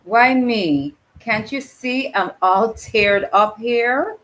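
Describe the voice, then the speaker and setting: A woman reads as a Crucian woman shaken by grief, her Crucian accent plain. She speaks in an earnest, unhurried way. The lines come at a slow, measured pace. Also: fairly high pitch, a bit bright, poor audio. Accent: Virgin Islands Crucian. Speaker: reader voicing a dialogue character. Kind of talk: dramatic reading of a dialogue.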